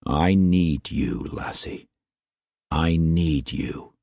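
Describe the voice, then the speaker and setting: A man voicing a strong middle-aged merchant with a Scottish accent, speaking low, slow and deliberate. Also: expressive, no echo, clean studio sound, heavily acted. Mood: tender.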